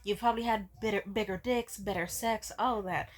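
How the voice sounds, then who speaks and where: A woman's voice: medium pitch, fairly even intonation, fairly quick, lightly acted. A woman voicing her flustered young boyfriend, who swears in disbelief and doubts himself.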